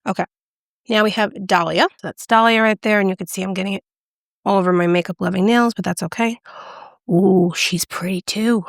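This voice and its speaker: A bubbly, excitable woman chatting through a makeup review and demo, gushing over each shade. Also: medium pitch, quick pace, no echo, studio quality. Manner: drops to a whisper when excited. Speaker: beauty vlogger. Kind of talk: casual product review and demo.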